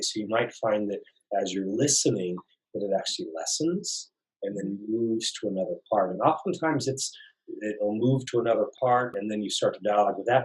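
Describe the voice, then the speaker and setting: A man teaching a somatic dialogue practice in a calm, gentle, explanatory way. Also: fairly low pitch, rough recording. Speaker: somatic facilitator. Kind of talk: guided teaching talk.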